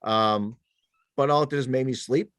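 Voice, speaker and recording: Animated storytelling veteran man, dry close sound. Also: medium pitch, moderate pace, dry recording. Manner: animated storyteller, self-deprecating, many restarts. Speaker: guest, former police officer and military veteran. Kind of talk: casual podcast conversation.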